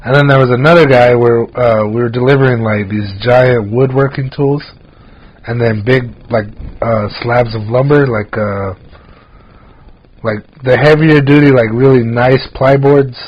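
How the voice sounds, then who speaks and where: A man's voice: mid-range voice, unhurried, lo-fi sound. A man co-hosting a podcast, chatting casually and telling rambling stories packed with filler words. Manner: rambling storyteller, frequent "like" fillers. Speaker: podcast co-host. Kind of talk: casual chat.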